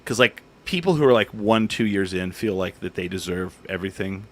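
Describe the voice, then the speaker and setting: A man hosting a casual comedy talk show, telling an animated story and acting out what people said. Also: deep voice, a little fast. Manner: animated storyteller, acts out quotes. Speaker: podcast host and comedian.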